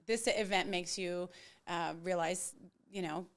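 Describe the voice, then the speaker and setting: A woman's voice: lowish voice, a little slow, clear, resonant tone. A woman hosting a podcast interview, sympathetic and given to joking interjections. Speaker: podcast host.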